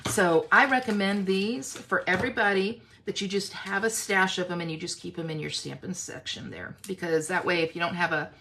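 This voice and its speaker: Woman, craft tutorial host, casual and chatty, gravelly tone, faint background noise. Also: lowish voice, fairly even intonation, brisk, few pauses, a bit bright. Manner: chatty, self-teasing, frequent "okay?" check-ins.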